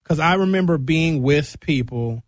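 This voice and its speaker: A young man doing animated stand-up storytelling, acting out quotes and jumping his pitch up for punchlines. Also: unhurried, no echo. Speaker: comedian.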